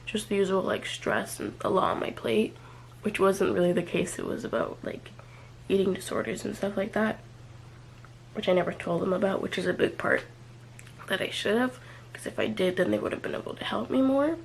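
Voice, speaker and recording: Hesitant young woman with vocal fry. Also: medium pitch, animated, a little fast, a little hiss or hum, low-quality recording. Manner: hesitant, filler-heavy, many "like"s and trailing off. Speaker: vlogger. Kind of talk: personal confessional vlog.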